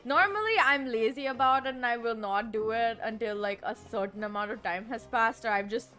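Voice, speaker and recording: Bubbly, rambling woman streamer, bright voice. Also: a little high, a little fast, soft background music. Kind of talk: casual let's-play chatter.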